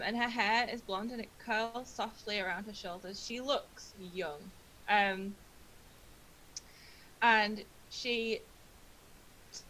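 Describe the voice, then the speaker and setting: A woman narrating a tabletop game as dungeon master, describing scenes softly with frequent fillers. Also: mid-range voice, a little hiss or hum, poor audio.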